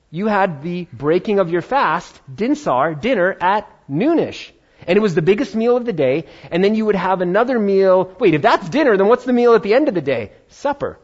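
A man preaching a sermon as pastor, talking in a conversational, animated way with playful asides. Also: sits high. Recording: dull lo-fi sound.

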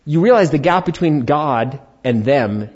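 This middle-aged pastor has a husky, slightly high voice and an unhurried pace. He tells a personal story in his sermon with animated, conversational energy, acting out each line of dialogue, all on a dull lo-fi recording.

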